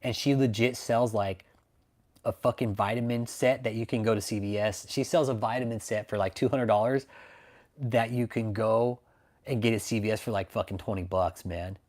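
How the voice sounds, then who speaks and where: A man's voice: fairly low pitch, steady tone, moderate pace, darkish tone. A man from Texas, hosting a casual livestream chat, swearing constantly, mocking and laughing often. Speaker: livestream host.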